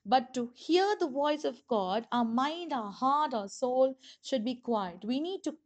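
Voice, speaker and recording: A woman's voice: sits high, expressive, unhurried. A woman pastor giving an earnest podcast sermon, stressing key phrases and often repeating words as she goes. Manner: earnest preaching, rising emphasis on key phrases; restarts and repeats words while speaking.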